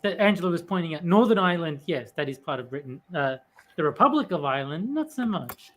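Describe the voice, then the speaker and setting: A man's voice: on the high side, big pitch swings, fast, a little hiss or hum. Rambling, filler-heavy male podcast host. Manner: rambling anecdotes full of fillers. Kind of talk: casual podcast chat.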